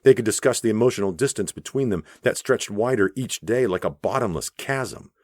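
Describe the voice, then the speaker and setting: A man narrating an audiobook in a measured, even storytelling voice on a close studio mic. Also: on the low side, no echo. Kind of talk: scripted narration.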